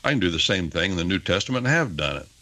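An older man with a deep voice talks very fast as a radio talk show guest teaching on the Bible. His manner is emphatic and lecturing, animated with rising stresses, and the recording is rough.

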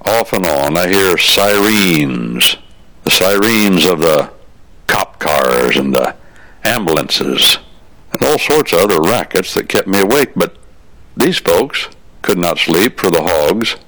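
A man's voice: deep voice, big pitch swings, takes it slowly, a bit bright, rough recording. A man delivering a folksy, opinionated storytelling monologue on the radio, spinning homespun anecdotes.

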